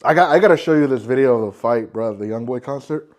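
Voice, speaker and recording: A man's voice: mid-range voice, quick pace, darkish tone, a little hiss or hum. A man hosting a casual podcast, talking in slang, swearing and saying "bro" constantly. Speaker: podcast host. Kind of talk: casual chat.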